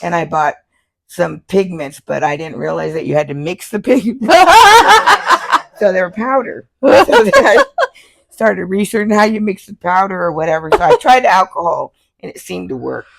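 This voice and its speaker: An older woman from Florida, a tattoo artist telling lively stories in an interview, laughing often and acting out the people she quotes. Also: fairly low pitch, moderate pace, vocal fry. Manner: animated, laughs often, acts out quoted voices. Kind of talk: casual storytelling interview.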